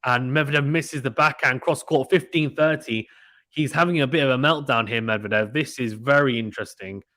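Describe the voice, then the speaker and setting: Male streamer, casual excitable play-by-play, dry booth sound. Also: mid-range voice, fairly quick, dry recording. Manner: chatty, excitable, uses British slang. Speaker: live tennis stream commentator. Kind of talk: casual live play-by-play commentary reading chat.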